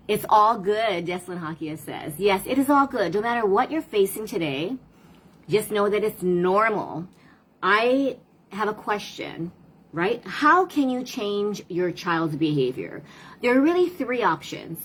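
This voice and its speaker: A woman parent coach with a lowish voice talks casually to viewers on a live stream, asking rhetorical questions and answering comments. The recording is low quality, with a little hiss or hum.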